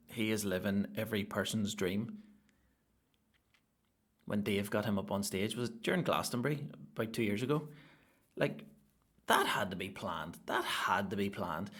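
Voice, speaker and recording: Young northern irish guy riffing on his comedy podcast, lowish voice, sweary and rambly. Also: a bit bright. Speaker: podcast host.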